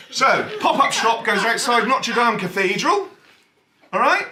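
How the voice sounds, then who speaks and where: A man performing a stand-up comedy set in a cabaret bar, wry and deadpan with sudden animated outbursts. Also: very high voice, measured pace. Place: cabaret bar venue, echoey room. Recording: echoey room, faint ambience.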